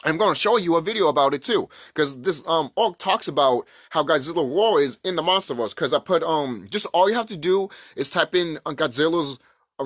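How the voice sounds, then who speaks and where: A man's voice: a little high, a bit bright, dry recording. A man ranting to camera in a rambling, profane, emphatic way about spiritual ideas. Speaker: vlogger. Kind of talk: casual spiritual rant to camera.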